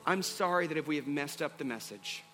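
A male pastor delivers an earnest sermon in a high, bright voice. He repeats key phrases to drive them home. The sound carries a long hall reverb with faint music underneath. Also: animated, brisk.

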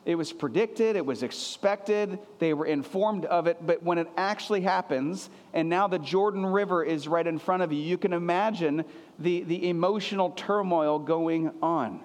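Man, pastor, sermon, earnest and emphatic, repeats phrases, fairly high voice, long hall reverb. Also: moderate pace, darkish tone.

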